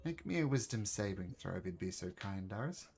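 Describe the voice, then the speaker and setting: A man narrating as game master of a tabletop game, talking in a relaxed, polite way. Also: lowish voice, normal speed, vocal fry.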